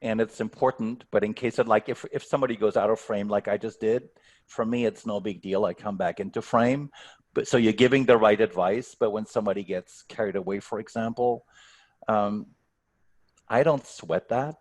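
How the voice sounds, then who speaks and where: A man's voice: lowish voice, moderate pace. A man coaching on a video call, giving earnest advice and often restarting his sentences. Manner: earnest, stumbling restarts, leaning on key words. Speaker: speaking coach, workshop guest.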